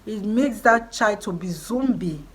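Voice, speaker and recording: A woman's voice: mid-range voice, animated, unhurried, poor audio. Emphatic Nigerian woman vlogger. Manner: emphatic, repetitive, preaching tone. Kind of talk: encouraging vlog talk.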